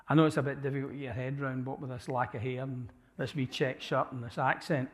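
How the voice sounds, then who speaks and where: A man's voice: mid-range voice, fairly even intonation, fast talker, hardly any pauses. A man giving an apologetics talk to a church audience, conversational, putting questions to the listeners and restarting his sentences often. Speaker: church speaker. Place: church hall. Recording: live church hall with long reverb.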